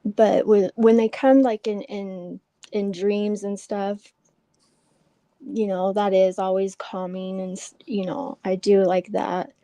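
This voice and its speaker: A woman speaks slowly and softly, her mellow voice halting on many fillers as she shares a personal story. Her talk is unhurried. The sound is dry and close. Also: medium pitch, little pitch movement, no room sound. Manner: soft, hesitant, full of fillers. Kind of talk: casual chat about personal loss.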